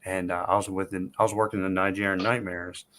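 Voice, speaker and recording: A man's voice: low voice, level tone, brisk, fairly bright tone, slight background noise. A man hosting a podcast, telling a story in a loose, rambling way. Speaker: podcast host. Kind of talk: casual chat.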